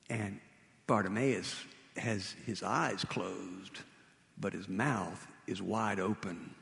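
A man preaching a sermon, retelling a story in a vivid, animated way. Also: lowish voice, measured pace, creaky, big-room sound.

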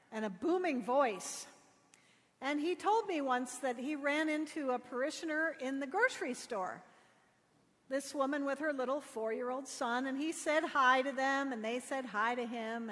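Woman preaching in a reverberant church. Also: high-pitched. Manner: storytelling, gently humorous. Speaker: pastor. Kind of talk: sermon.

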